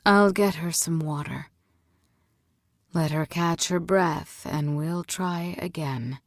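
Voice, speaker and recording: A woman reading a storybook and voicing a calm, steady female healer who teaches in a low, quiet voice. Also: takes it slowly, dry recording, studio quality.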